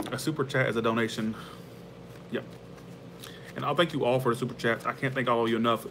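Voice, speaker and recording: Man, tarot livestream host, loose rambling chat, medium pitch, quick to laugh, faint hum behind. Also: steady tone. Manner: rambling, heartfelt, laughs easily. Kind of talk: casual livestream chat with viewers.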